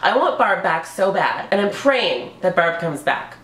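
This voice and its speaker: Lower-voiced woman chatting in an echoey room. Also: unhurried. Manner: candid and expressive, with frequent swearing and laughter. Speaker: vlogger. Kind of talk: casual Q&A chat. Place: living room at home.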